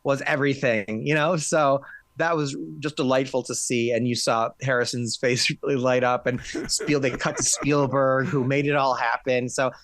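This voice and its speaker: A man talking about films in casual chat, quick and enthusiastic, with many restarts. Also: medium pitch, steady tone, fairly bright tone. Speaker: film critic.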